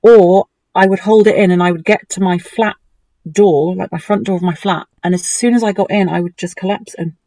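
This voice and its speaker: A woman's voice: fairly low pitch, brisk, no echo, low-quality recording. A woman, telling a painful personal story on a talk show, acting out what others said. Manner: animated, acts out quotes in a mimicking voice. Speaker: guest.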